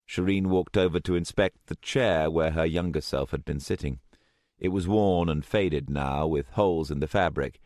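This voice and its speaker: Male audiobook narrator, very deep voice, lively intonation, dry close recording. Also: normal speed, no room sound. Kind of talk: scripted narration. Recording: dry close studio sound.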